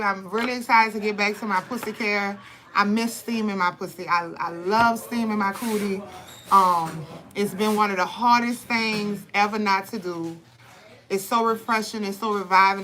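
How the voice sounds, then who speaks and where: A young woman telling birth stories and giving advice in blunt, profane, animated casual talk. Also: mid-range voice, slight background noise, poor audio. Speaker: vlogger, birth advocate. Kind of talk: candid casual talk to camera.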